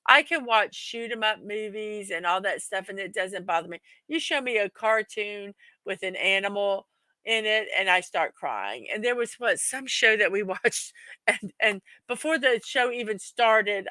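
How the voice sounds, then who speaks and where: An older woman hosting a casual livestream, chatting warmly and rambling, greeting viewers by name as they arrive. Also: mid-range voice, no echo. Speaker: livestream host.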